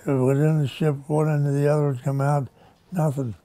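A man's voice: fairly high pitch, level tone, fairly quick, dark tone, dry recording. A man in his nineties, a war veteran giving an oral-history interview in a folksy, rambling storytelling manner. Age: 90s.

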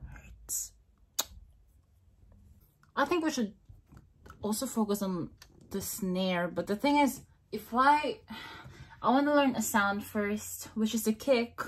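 A woman talks to herself in a casual vlog, slow and unhurried, her voice soft and breathy. She hesitates, restarts, and repeats practice syllables again and again. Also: medium pitch. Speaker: vlogger.

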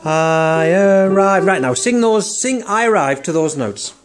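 At home, a male piano teacher gives a casual piano and songwriting lesson in a high, very animated voice at a normal speed. He is patient and encouraging, often checking in with "right?", and he's recorded on a phone camera.

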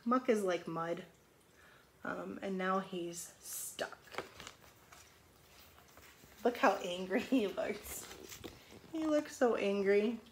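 A woman reads a picture book aloud in a very slow, unhurried way. She stops often to explain the rhymes and the pictures like a patient teacher. Her voice sits in a mid range. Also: mid-range voice, expressive, a bit bright, slight background noise. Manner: slow, explanatory, stretches the read lines.

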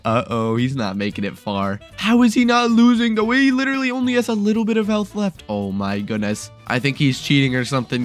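A young man giving excited, exclamatory commentary over a video game, often repeating himself in bursts. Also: a little high. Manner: hyper, exclamatory, repeats phrases rapidly. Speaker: gaming YouTuber.

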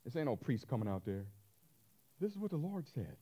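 A man preaching a sermon, animated, swinging between loud and hushed and asking the congregation questions. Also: medium pitch, a little fast, slightly rough. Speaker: pastor.

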